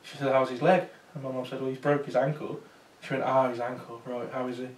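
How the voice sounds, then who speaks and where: A paranormal investigator gives a talk to a small audience, telling a chatty story full of fillers and restarts. His voice is medium-pitched and level, and he speaks fast. The recording sounds roomy and distant.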